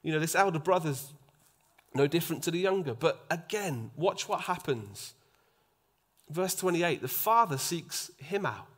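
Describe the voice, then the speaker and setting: A man preaching a sermon, acting out the voices in the story and dropping to a soft hush for emphasis. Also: on the high side, unhurried. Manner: animated, acts out quoted voices, drops to a soft hush for emphasis.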